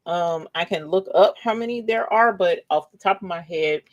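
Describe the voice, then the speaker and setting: A woman's voice: on the low side, moderate pace, muffled recording. A woman hosting a casual craft livestream, playfully reading viewer comments aloud and calling out cheerful greetings. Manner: playful, lively, calls out "holler" and "yes, honey".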